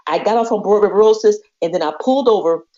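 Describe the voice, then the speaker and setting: A woman's voice: medium pitch, fast talker, dark tone. A woman co-hosting a podcast, telling a story expressively, acting out the voices of the people she quotes and laughing often. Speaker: podcast co-host. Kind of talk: animated storytelling chat. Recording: muffled lo-fi podcast audio.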